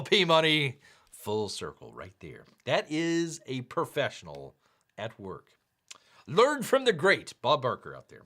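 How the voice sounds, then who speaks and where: A man's voice: mid-range voice, huge pitch swings, unhurried, a bit bright. A man hosting a casual livestream and reading viewer comments, rambling and jokey, often searching aloud for words. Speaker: livestream host.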